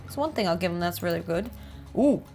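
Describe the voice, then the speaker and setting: A woman's voice: fairly low pitch, expressive, fairly quick, mellow, faint music behind. A woman with a New Jersey accent, casually riffing and joking as she reads about game art. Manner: chatty, jokey, reads aloud and riffs. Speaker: host.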